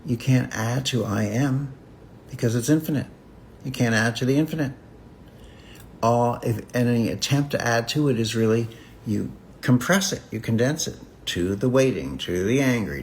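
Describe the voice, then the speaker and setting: A man teaching about healing in a reflective spiritual talk, speaking in slow, repetitive, contemplative phrases with long pauses. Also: medium pitch, creaky, a little mellow, a little hiss or hum.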